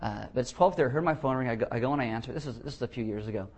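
A man's voice: medium pitch, racing, a little mellow. A man preaching a sermon as pastor of a church, telling blunt stories with jokes. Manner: blunt, joking storyteller. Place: church, before a congregation.

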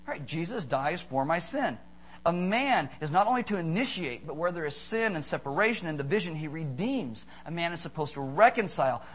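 A middle-aged man preaching a sermon as a pastor, animated and joking, acting out small stories and voices. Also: a little high, fairly quick, rough recording.

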